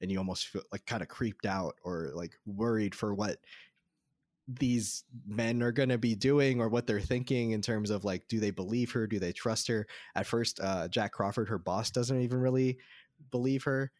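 This man co-hosts a podcast, chatting casually about a film at a normal pace in a fairly low, slightly mellow voice. He rambles with lots of fillers and restarts, and the studio-quality recording has no room sound.

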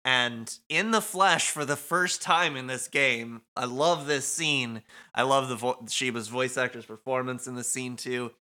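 An easygoing man chatting enthusiastically through a video game recap. His voice sits at an ordinary middle pitch with a bright, forward tone. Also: measured pace. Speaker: podcast co-host. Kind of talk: casual game recap chat.

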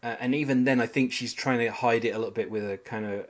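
A man's voice: medium pitch, fairly even intonation, quick pace. A man with a British accent hosting a podcast, talking through a sitcom episode in a rambling, analytical way with fillers. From Britain. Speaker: podcast host. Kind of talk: casual chat.

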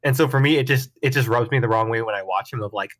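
A man's voice: mid-range voice, quick pace. A man hosting a casual sports podcast, chatting in a laid-back way and hedging his opinions with lots of "like". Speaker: podcast host.

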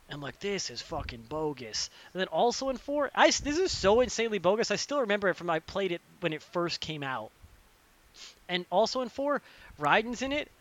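A young man in casual podcast chat, ranting animatedly and swearing, acting out characters in quick impressions. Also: fairly high pitch, fairly bright tone, no room sound.

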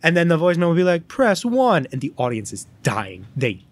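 Speaking fast at a medium pitch, a man co-hosting a podcast launches into a long story during casual chat. He delivers it with energy, playing out the quoted lines himself.

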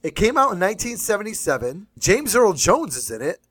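A man co-hosting a casual podcast, talking in quick, jokey banter about movies and songs. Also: high-pitched, big pitch swings, fairly bright tone, slightly rough. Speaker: podcast co-host. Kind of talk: casual chat.

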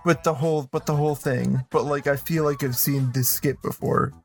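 A woman's voice: rumbling low, steady tone, moderate pace, gravelly, a little mellow, faint music behind. A woman co-hosting a podcast, musing casually about old TV. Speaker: podcast co-host. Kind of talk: casual chat.

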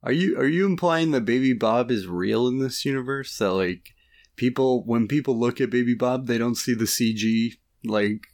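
A man's voice: medium pitch, moderate pace, darkish tone. A man co-hosting a podcast, chatting casually in a laid-back, rambling way and giggling often. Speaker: podcast co-host. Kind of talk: casual comedic chat.

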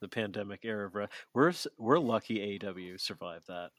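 A man's voice: lowish voice, expressive, a little fast, dry recording. A man co-hosting a podcast in casual chat, swearing freely and rambling with lots of fillers. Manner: profane, rambling with many fillers. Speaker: podcast co-host.

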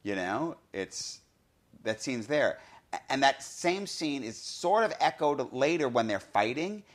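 A man hosting a podcast, talking through a film review in an excited, casual way, often saying "you know". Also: mid-range voice, measured pace. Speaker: podcast host.

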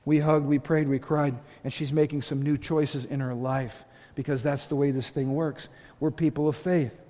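An impassioned man preaching to his congregation, his voice sitting a little high. He swings between earnest talk and loud exhortation, and a long hall reverb trails behind every line. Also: little pitch movement, normal speed. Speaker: pastor. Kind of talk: sermon. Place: church sanctuary.

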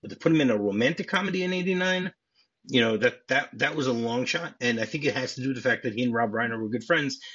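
A man's voice: medium pitch, quick pace, fairly bright tone, slightly rough. A man hosting a casual film podcast, eagerly retelling scenes and often restarting his sentences. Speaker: podcast host. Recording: dull lo-fi podcast audio.

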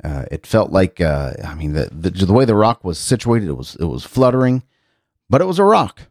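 A man's voice: sits low, big pitch swings, moderate pace, no room sound, clean studio sound. A middle-aged man hosting a casual chat show, musing aloud and rambling with frequent restarts as he reads out news items. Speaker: talk show host. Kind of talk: casual radio-style chat.

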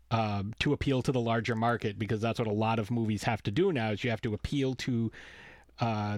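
A man's voice: mid-range voice, dry recording. A man co-hosting a podcast, ranting casually and sarcastically and swearing freely. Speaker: podcast co-host. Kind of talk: casual chat.

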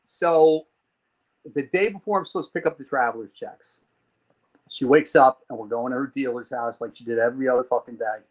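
A man from New Jersey, a podcast guest, telling a story in a lively way, swearing and acting out scenes. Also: medium pitch, fairly quick, poor audio. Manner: animated, swearing, acts out scenes. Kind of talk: profane comic storytelling.

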